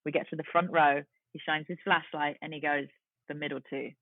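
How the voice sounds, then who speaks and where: A woman in her forties with an English accent, a guest telling a lively story and acting out the voices of the people in it. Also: low-pitched, a little fast, no echo. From London. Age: 40s. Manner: lively, acts out quoted voices. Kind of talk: storytelling in a casual chat. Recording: tinny phone-like line, dry.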